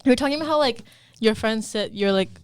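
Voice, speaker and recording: A young woman co-hosting a casual chat, speaking in a relaxed way with lots of fillers. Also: a little high, fast, smooth, no echo, studio quality. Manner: relaxed, easygoing, many fillers. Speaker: podcast co-host.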